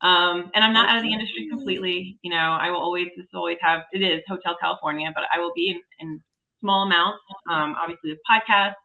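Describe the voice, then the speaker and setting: A woman's voice: fairly low pitch, steady tone, fast, pushed and bright, dull audio. A woman in her forties, a podcast guest, telling a story in casual, enthusiastic chat.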